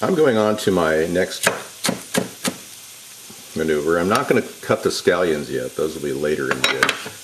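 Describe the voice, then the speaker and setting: A man's voice: very deep voice, animated, moderate pace, long pauses. A man hosting a casual home cooking demonstration in his kitchen, rambling into jokey asides as he works. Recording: sizzling pan noise behind voice. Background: frying and sizzling, knife clicks.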